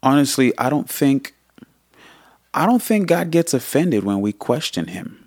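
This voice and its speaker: A man in his thirties co-hosting a casual faith podcast, earnest and animated as he tells stories. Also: mid-range voice, measured pace, no room sound, studio quality. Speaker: podcast co-host.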